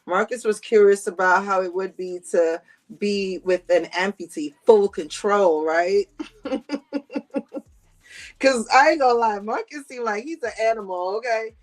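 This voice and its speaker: Woman streamer, sassy gossip host, laughs a lot, slangy casual chat, mid-pitched voice. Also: measured pace. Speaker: livestream host reading chat.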